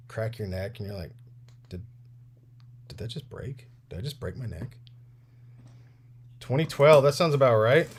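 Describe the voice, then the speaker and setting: A mid-range, darkish male voice, with slight hiss or hum, belongs to a toy repair livestream host. The man, in his thirties, mends action figures while chatting casually, rambling, and laughing often.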